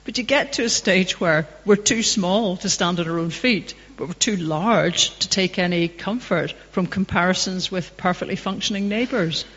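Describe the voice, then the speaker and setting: A woman's voice: on the low side, normal speed, few pauses, fairly bright tone, slightly rough. Woman, from Northern Ireland, passionate Q&A answers, muffled sound, hall reverb. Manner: conversational, anecdotal and passionate. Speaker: guest speaker. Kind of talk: public talk Q&A. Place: public hall. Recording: dull echoey hall recording.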